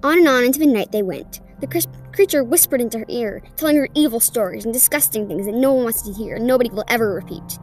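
High-voiced woman reading a ghost story. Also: quick pace, hardly any pauses, darkish tone, faint music behind. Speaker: podcast host.

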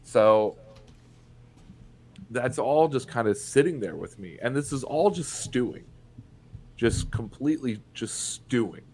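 This young podcast guest, from Indiana in the USA, recounts something that happened to him, blunt and honest and swearing plenty. His medium-pitched voice has lively intonation and a slightly mellow quality. He keeps a measured pace, pausing often as the casual story unfolds.

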